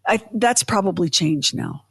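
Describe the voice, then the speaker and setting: A woman co-hosting a podcast, in chatty, animated casual talk full of fillers and asides. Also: fairly low pitch, measured pace, gravelly, husky, dry recording, clean studio sound. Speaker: podcast co-host. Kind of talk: casual chat.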